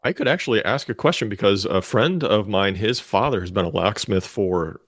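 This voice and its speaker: A man's voice: fairly low pitch, lively intonation, normal speed, a bit bright, dry recording. A man co-hosting a podcast in casual chat, with dry humor. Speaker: co-host.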